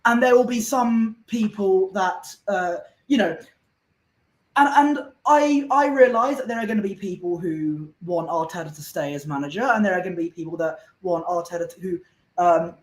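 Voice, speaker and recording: A man's voice: high voice, echoey room, rough recording. A man from Somerset, a guest on a fan panel show, talking in an earnest, rambling way with lots of restarts. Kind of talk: casual chat.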